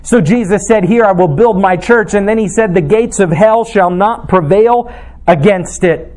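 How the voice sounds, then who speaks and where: A man with a notably high voice preaches to his congregation in a church. He delivers his sermon earnestly and with emphasis, weaving in scripture quotations. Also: moderate pace, a little mellow. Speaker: pastor.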